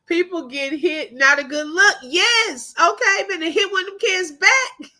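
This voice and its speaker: Woman host, middle-aged, higher voice, lively and chatty, greets her viewers. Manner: animated, laughs often, greets viewers. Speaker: livestream host. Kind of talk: casual live-stream chat.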